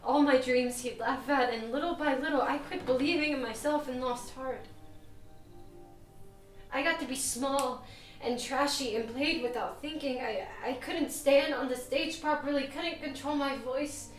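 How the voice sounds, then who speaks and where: An actress playing a weary, heartbroken young actress, speaking haltingly with stammered restarts, in a filmed stage drama scene. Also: female voice, high-pitched. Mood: exhausted. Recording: roomy, distant mic with music.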